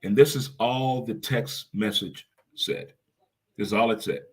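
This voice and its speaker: A middle-aged man hosting a casual talk show, animated and quick to laugh, swearing casually. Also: fairly low pitch, husky. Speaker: show host.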